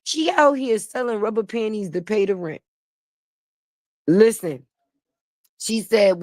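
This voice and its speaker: A woman's voice: medium pitch, animated, slow, long pauses, darkish tone, dry recording. A woman giving casual gossip commentary on a livestream, blunt, sassy and profane, laughing often. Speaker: online commentator.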